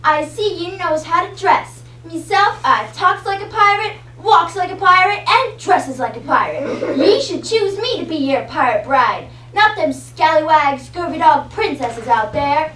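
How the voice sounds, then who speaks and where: A teenage girl voicing a rough, swaggering young pirate princess in a puppet play, talking gruff and boastful. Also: extremely high pitch, lively intonation, unhurried, few pauses, a bit bright, exaggerated voice. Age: teens. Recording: roomy hall from far off, noisy.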